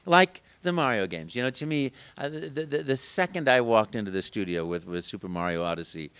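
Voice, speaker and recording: A man's voice: medium pitch, brisk, clean tone. A man, a voice actor guest at a game convention, telling stories animatedly in a casual interview. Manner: animated storyteller, slips into character voices.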